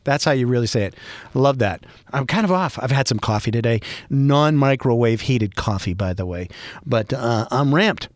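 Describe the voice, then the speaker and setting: A man with a Boston accent rambles through a solo podcast monologue, wandering from topic to topic with joking asides. His voice sits at an ordinary middle pitch. The sound is dry and close, with no room around it. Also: lively intonation, moderate pace, dry recording. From Boston area, USA. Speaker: podcast host.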